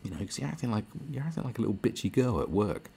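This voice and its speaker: British male podcast host with a low, dark, gravelly voice, ranting sarcastically and swearing. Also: very animated, very fast, slight background noise. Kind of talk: podcast monologue.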